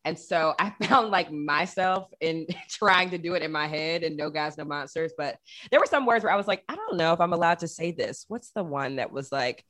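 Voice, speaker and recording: A man from Georgia, a podcast host who also works as an actor and voice actor, chatting in an animated way and often acting out quoted remarks. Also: a little high, moderate pace. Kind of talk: casual interview conversation.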